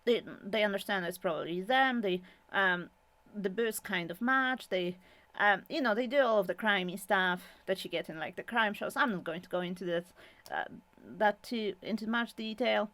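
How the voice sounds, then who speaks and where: A woman hosting a video, summarizing a true-crime book in a casual, animated way, with exclamations, rants and lots of fillers. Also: mid-range voice, dry recording. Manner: animated, exclaiming, quick asides; many fillers and restarts, chatty.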